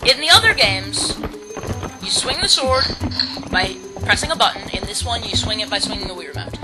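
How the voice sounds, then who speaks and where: A woman's voice: medium pitch, lively intonation, normal speed, rough recording. A woman giving casual, rambling commentary on a game she is playing, with game music under her voice. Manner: rambling, hesitant, full of restarts and "like". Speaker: let's play host.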